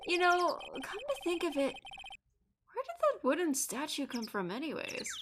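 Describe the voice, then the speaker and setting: A woman voicing an exasperated young male lawyer from a game, firing off quick retorts. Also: very high voice, huge pitch swings, noisy background, pitched above the performer's own voice, full character voice. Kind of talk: reading game dialogue aloud. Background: game music.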